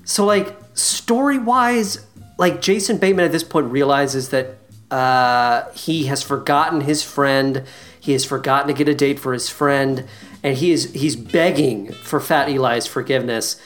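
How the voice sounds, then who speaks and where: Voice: medium pitch, unhurried, faint music behind. A podcast co-host casually recapping a show, swearing often and ranting sarcastically. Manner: profane, sarcastic, animated ranting.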